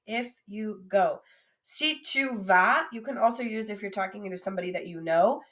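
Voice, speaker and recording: Slow, patient woman teaching French words. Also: a little high, fairly bright tone. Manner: slow, clear modeling of each word, repeating it twice. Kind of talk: vocabulary lesson with repeat-after-me drills.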